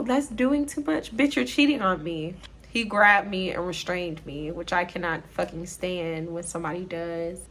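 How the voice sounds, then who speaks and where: A woman's voice: lowish voice, a bit bright, a little hiss or hum. A young woman casually telling a storytime monologue, blunt and profane, acting out both sides of an argument.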